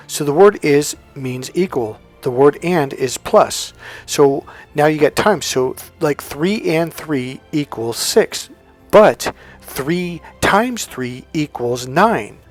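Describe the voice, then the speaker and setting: A man coaching on self-help, telling a personal story in a casual, animated monologue, often restarting his sentences. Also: mid-range voice. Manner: animated storytelling, breaks into loud acted-out dialogue; frequent restarts and stumbles.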